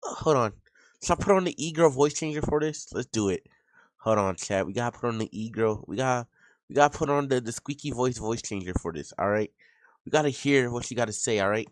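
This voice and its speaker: A woman's voice: extremely low pitch, expressive, fairly quick, no room sound. A woman streamer reacting live to clips, talking to her chat in a casual, slangy way.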